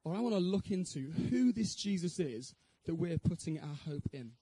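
A man speaks at an evening Christian talk, sharing his own testimony and putting questions to his listeners in an earnest tone. His voice sits high yet mellow, with a husky edge. The recording is dry and close, with no room sound. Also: animated, normal speed, no room sound, rough recording. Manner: earnest, rhetorical questions to the audience. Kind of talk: evangelistic talk with personal testimony.

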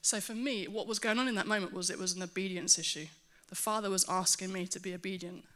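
A woman preaching a sermon to her church, earnest and animated, with self-mocking asides. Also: mid-range voice, quick pace.

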